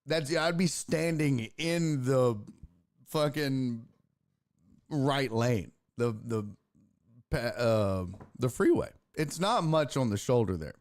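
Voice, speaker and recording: A sports talk stream host with a mid-range voice speaks slowly while telling a long, profane story. He rambles casually through the anecdote and adds lively impressions.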